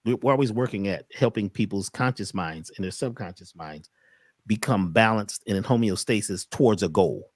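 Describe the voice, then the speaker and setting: A man's voice: on the low side, moderate pace, no room sound, clean studio sound. A man talking as a podcast guest, telling stories with rhetorical questions and slipping into acted voices. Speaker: podcast guest, mushroom teacher. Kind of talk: animated storytelling conversation.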